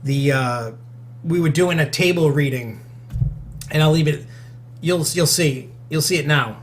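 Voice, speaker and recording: A man's voice: on the high side, measured pace. A man hosting a casual podcast, talking in a loose, rambling way with lots of fillers. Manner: rambling, with many fillers and restarts. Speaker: podcast host.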